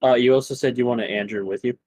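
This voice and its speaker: Husky-voiced man running the game. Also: mid-range voice, fairly even intonation, quick pace, darkish tone, dry recording, low-quality recording. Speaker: game master. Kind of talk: running a tabletop game over voice chat.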